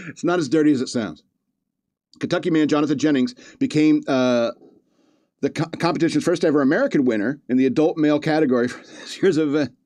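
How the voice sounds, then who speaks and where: A man's voice: on the high side, fairly quick, darkish tone, no room sound. A man hosting a podcast, reading news stories aloud with joking asides and frequent chuckles. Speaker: podcast host. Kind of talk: casual comedic commentary.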